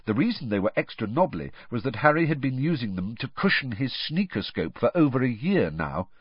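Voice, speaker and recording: Man, storybook narrator, animated delivery, dull dry recording. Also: mid-range voice, brisk, breathy edge, dry recording. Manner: expressive storytelling. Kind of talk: audiobook reading with character voices.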